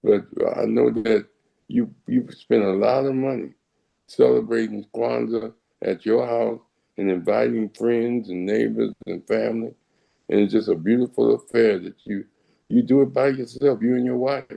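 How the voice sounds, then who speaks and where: An older man answering his son in a measured, fatherly way, full of praise for his family. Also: mid-range voice, steady tone, gravelly, dark tone, rough recording. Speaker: honored elder, father. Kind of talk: casual spoken reply.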